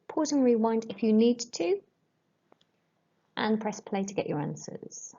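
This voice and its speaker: A woman French teacher giving a recorded lesson, dictating sentences slowly and clearly and repeating each prompt. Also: a little high, big pitch swings, warm tone, muffled recording.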